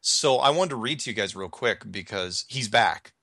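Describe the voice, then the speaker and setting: Rambling male podcast host, bright voice. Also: on the low side, expressive, creaky, dry recording, clean studio sound. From Washington state, United States. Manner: rambling, halting, many restarts. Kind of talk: casual podcast chat.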